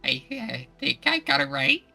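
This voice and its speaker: A co-host on a casual gaming stream, talking hesitantly with many pauses and uhs. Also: high-pitched, wildly swooping pitch, creaky, sharp tone, faint music behind.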